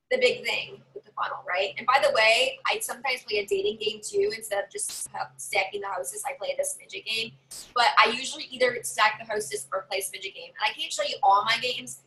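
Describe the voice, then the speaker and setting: A woman giving chatty, animated tips as a direct sales consultant in a casual live video. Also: poor audio. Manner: chatty, animated, acts out customers in higher voices.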